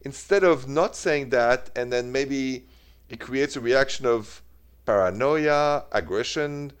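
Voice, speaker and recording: A man from France with a French accent, hosting a call-in love and relationships radio show, unhurried and mixing in French greetings. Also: mid-range voice, clear, resonant tone. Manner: warm-toned, unhurried, mixes French greetings into English. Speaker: radio advice show host.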